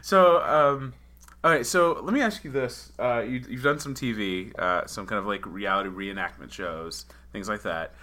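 Laughing, animated male podcast host. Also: on the low side, moderate pace. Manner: animated storyteller, laughs often. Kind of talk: casual interview chat.

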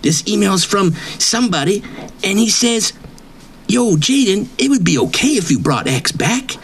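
A man's voice: sits high, big pitch swings, normal speed, slight background noise, pitched above the performer's own voice. A man voicing a boastful, swaggering male wrestling writer who brags nonstop and repeats his catchphrases in a comedic character bit. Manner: brash bragging, repeats catchphrases, drawls "man" constantly.

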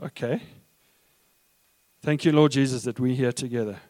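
A man's voice: medium pitch, steady tone, moderate pace, darkish tone, close to an everyday voice. A man reading aloud and voicing a distressed, protesting woman prisoner, exclaiming and pleading. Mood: praying.

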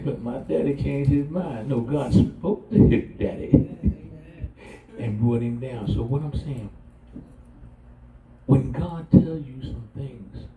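Man, middle-aged pastor, very dark voice, folksy humorous sermon, echoey church from a distant mic. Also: mid-range voice, slow. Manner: folksy, humorous, call-and-response. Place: church sanctuary.

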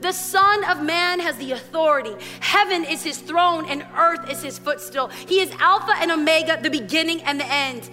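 A bright, high-voiced woman preaches with animated energy, slipping into voices for the people in her story. Her sermon rings through a church sanctuary with a long reverb tail. Quiet worship music plays underneath. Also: moderate pace, few pauses. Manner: animated, acts out voices in quotes. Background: soft worship music.

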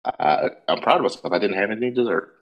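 Laid-back man with a very deep voice. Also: fast talker, dull audio. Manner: laid-back, brief replies. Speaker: podcast co-host. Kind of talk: casual chat.

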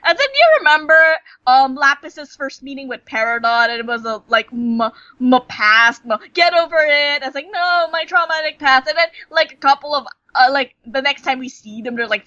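High, bright-voiced young woman ranting. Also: expressive, moderate pace, hardly any pauses, no echo, highs cut off. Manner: rambling, stumbling over words, swearing. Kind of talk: casual ranting chat about a cartoon.

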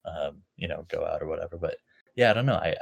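A young man talking casually as a podcast co-host, reflective and halting, full of fillers and restarts. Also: extremely low pitch, vocal fry, breathy edge.

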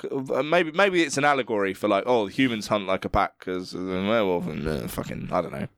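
A man's voice: fairly low pitch, expressive, fairly quick, a bit bright, dry recording, studio quality. A man co-hosting a podcast in casual chat, swearing freely, laughing often and teasing his co-host.

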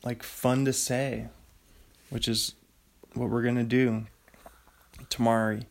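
A man hosting his own podcast in the small hours, talking in an unhurried, rambling way. His voice has a gravelly fry to it. He drifts between ideas and breaks into excited laughter. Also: medium pitch, a little hiss or hum. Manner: loopy, rambling, excitable with sudden laughing bursts. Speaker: podcast host. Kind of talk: solo late-night podcast ramble.

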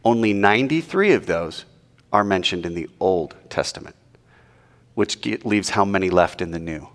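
Animated male preacher in a hall. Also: low-pitched, normal speed. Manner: animated, rhetorical, mock-quoting. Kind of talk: sermon.

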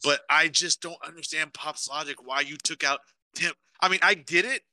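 A man's voice: a little high, steady tone, moderate pace, hardly any pauses, pushed and bright, dry recording. A young man co-hosting a casual podcast, swearing a lot and ranting emotionally about sports to his live chat. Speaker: podcast co-host.

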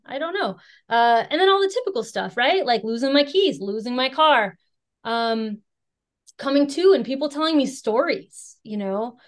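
A young American woman with a somewhat higher voice speaks in a candid personal testimony. She talks frankly and with self-deprecating humor. Her speech is loose and conversational, full of "you know" and "right". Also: expressive, moderate pace. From Chicago area, United States. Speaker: speaker sharing recovery story.

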